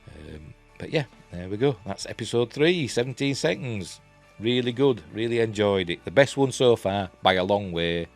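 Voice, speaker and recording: Yorkshire man, very low voice, rambling casual review, filler-heavy, faint music behind. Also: lively intonation, normal speed, vocal fry. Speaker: TV review vlogger.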